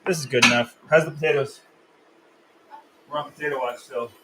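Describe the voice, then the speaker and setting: A man's voice: medium pitch, steady tone, fairly quick, a bit bright, soft background music, rough recording. A man hosting a live cooking stream, explaining steps and teasing his co-host in a casual, joking way. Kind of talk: casual live cook-along chat.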